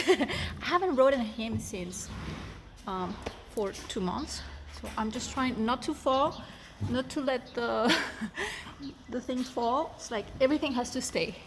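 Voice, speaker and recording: A woman chatting excitedly and giggling while riding her horse outdoors, holding the camera. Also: on the high side, noisy background. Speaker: riding coach vlogger. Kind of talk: casual vlog. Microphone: handheld camera.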